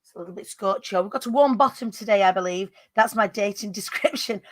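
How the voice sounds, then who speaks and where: A woman hosting a live-stream, her voice hoarse and husky this morning, chatty and cheeky as she greets viewers by name. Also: medium pitch, quick pace, no echo. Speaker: host. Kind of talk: upbeat live-stream chat.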